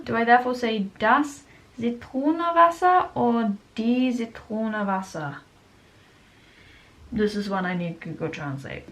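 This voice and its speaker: A woman's voice: a little high, a little hiss or hum, low-quality recording. Chatty young woman vlogging. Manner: chatty, self-correcting, sounds out German words. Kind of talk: casual study vlog narration. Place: home bedroom, indoors.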